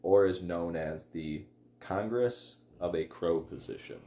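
Very deep-voiced man, casual podcast guest. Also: measured pace, dark tone, slight background noise. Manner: loose storytelling with fillers and laughs. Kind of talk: casual chat.

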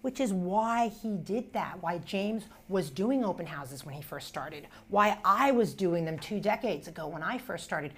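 A woman's voice: fairly low pitch, animated, a little slow, hardly any pauses, husky. A woman in her forties, a real estate agent and team coach, talking emphatically in a casual chat.

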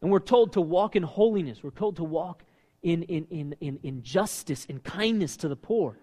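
A man preaching a sermon as pastor, animated and asking his listeners questions. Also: fairly high pitch, normal speed. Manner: animated, asks the congregation questions. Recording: long reverb of a hall.

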